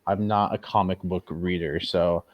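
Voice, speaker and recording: Low-voiced hesitant man on a podcast. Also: steady tone, moderate pace, a crowd in the background. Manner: hesitant, thinks aloud with many "um"s and "I think"s. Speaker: podcast co-host. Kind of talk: casual chat. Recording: dull lo-fi recording.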